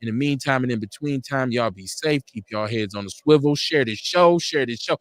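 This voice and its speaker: A man's voice: mid-range voice, fairly quick, hardly any pauses. A man hosting a live online talk show, speaking with fervent, profane, preacherly conviction and driving his points home through repetition. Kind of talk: impassioned political talk-show commentary.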